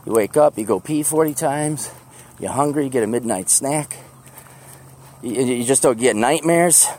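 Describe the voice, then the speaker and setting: A man's voice: mid-range voice, warm tone. A man hosting a podcast, rambling casually and self-deprecatingly while walking outdoors to the bus, laughing often. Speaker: podcast host. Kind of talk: rambling walk-and-talk monologue.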